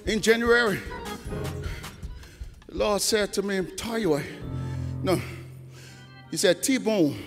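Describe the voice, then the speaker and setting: Middle-aged guy testifying at church, real high voice, shouts n half sings it, big echoey sanctuary. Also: slow pace, long pauses. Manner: preaching cadence, shouts and half-sung lines. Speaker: church leader giving testimony. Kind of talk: testimony rising into shouted praise. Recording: long church reverb, faint organ music.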